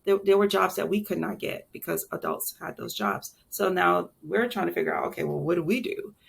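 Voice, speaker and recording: A woman in her late forties speaking as an interview guest, her voice low and heavily gravelly with vocal fry. She talks candidly and reflectively, circling back with fillers and restarts as she recounts her past. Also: fairly quick. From Brooklyn and South Carolina. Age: late 40s. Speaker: guest chef and entrepreneur. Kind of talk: casual interview storytelling.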